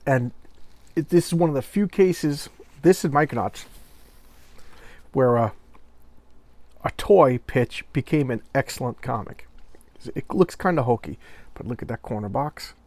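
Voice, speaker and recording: A middle-aged man talks through an old comic book in a relaxed, meandering vlog style. He often stops to search for names and restarts his sentences. His voice sits at an ordinary pitch and is recorded dry. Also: measured pace, long pauses, no echo. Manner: rambling, forgetful, with many fillers and restarts. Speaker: comic book collector and reviewer. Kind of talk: casual commentary vlog.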